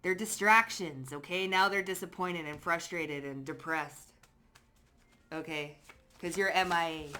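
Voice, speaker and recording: Woman, tarot reader, casual and slangy, cursing, clear bright tone. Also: fairly low pitch, measured pace. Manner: chatty, slangy, swears freely, talks straight to the viewer; lively storytelling with frequent laughs. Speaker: psychic tarot card reader. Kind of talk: casual pick-a-card tarot reading.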